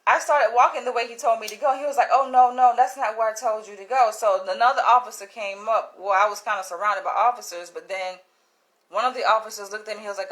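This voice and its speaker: New lady vlogging a wild story, cussing a lot, laughing, acting out the other people's lines. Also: mid-range voice. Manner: animated, profane, laughs often, acts out quotes. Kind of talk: casual storytelling to camera.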